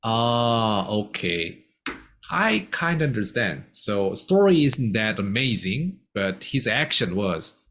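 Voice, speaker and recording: A man's voice: on the low side, sing-song, a bit bright. Patient male English teacher. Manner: patient, explains simple words slowly. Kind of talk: casual one-on-one English lesson.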